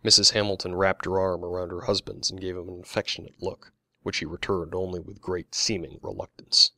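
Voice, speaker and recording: A man reading his own novel aloud as an audiobook, in an even, measured storytelling voice. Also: sits low, gravelly, no echo, clean studio sound. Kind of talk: audiobook narration.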